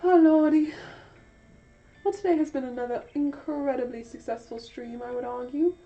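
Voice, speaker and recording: A young woman talks to her stream in a put-on British accent, her voice a little high and worn out. She rambles and mocks herself in a loose, casual chat. The sound is dull and lo-fi, with faint music playing behind her. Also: a little fast, warm tone. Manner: rambling, self-mocking. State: tired. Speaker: livestream host.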